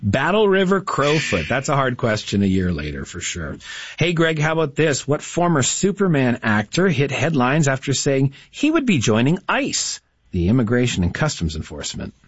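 A man's voice: medium pitch, sing-song, normal speed, husky, no room sound. A man hosting a radio call-in trivia quiz, chatty and encouraging with the callers. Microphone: studio broadcast mic. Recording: slightly dull, dry studio mic.

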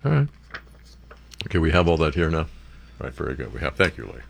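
A man's voice: a bass voice, sing-song, fast, gravelly, slight background noise. A man hosting a talk radio show, ranting sarcastically and mocking others with impressions.

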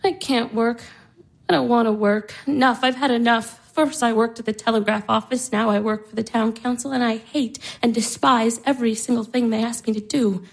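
A woman's voice: fairly high pitch, steady tone, normal speed, gravelly, low-quality recording. An actress in her twenties playing a despairing young woman, anguished, sighing and whispering. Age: 20s. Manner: anguished, breaking into sighs and whispers. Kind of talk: stage drama acting.

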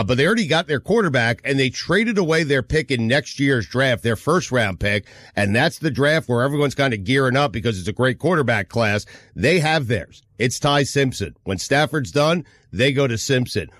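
A man's voice: mid-range voice, lively intonation, normal speed, few pauses, fairly bright tone, no room sound, studio quality. A man with a New York accent hosting a sports talk show, bantering loosely and laughing often. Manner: loose, laughing banter, directs co-hosts by name. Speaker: sports radio host.

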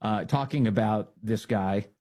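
Sarcastic, husky-voiced male talk host. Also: on the low side, a little slow, dark tone. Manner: sarcastic, mocking, acts out quoted voices. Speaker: political commentary host. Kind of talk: opinionated political talk monologue.

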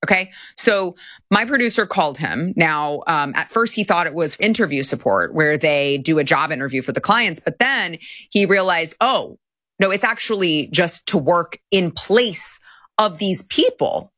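A woman's voice: fairly low pitch, expressive, a little slow, a bit bright, dry recording, clean studio sound. A woman hosting a talk show in casual commentary, exasperated and laughing often. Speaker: show host.

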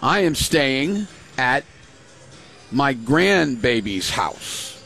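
An older grandfather chats casually on a show, telling family stories and acting out the voices he quotes. His medium-pitched voice is very animated, bright and forceful, extremely slow, with vocal fry over soft background music.

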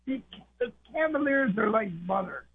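Raspy high-voiced man on a phone line. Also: expressive, normal speed. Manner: brash, trash-talking. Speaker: caller. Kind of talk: phone-in banter.

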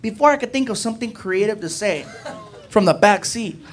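A man telling a story on a comedy club stage, animated, acting out his friends' voices. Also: high-pitched, brisk. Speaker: stand-up comedian. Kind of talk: stand-up storytelling. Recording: noisy live club recording.

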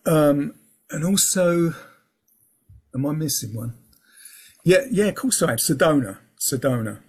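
Gravelly, husky man rambling in casual talk. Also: fairly high pitch, expressive, measured pace. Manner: rambling, restarts often, fills with um and yeah. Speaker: guest. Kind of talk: casual interview chat. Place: lives in England.

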